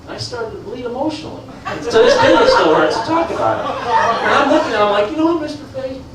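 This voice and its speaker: A man performing stand-up comedy, telling a story with animated delivery and excited high-voiced quotes. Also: fast talker, gravelly, over a noisy crowd. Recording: echoey club room from a distance. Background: audience laughter.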